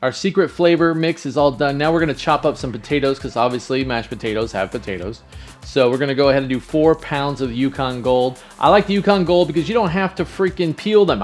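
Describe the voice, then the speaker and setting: Man of middle pitch, easygoing cooking-video host who cracks jokes at the camera. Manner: jokey, talks straight to viewers. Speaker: home cook. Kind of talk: casual cooking demonstration.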